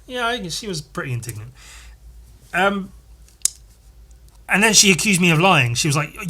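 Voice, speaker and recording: Husky-voiced man telling a rambling story. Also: a little high, lively intonation, normal speed, long pauses, bright, forceful tone. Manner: rambling, swears often, laughs at himself. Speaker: podcast host. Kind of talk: casual storytelling.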